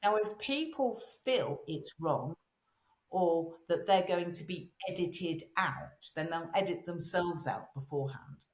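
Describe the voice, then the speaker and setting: Animated woman in a roomy echo. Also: fairly low pitch, unhurried. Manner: animated storyteller, acts out quoted voices. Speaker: guest, voice and presence coach. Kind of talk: casual interview chat.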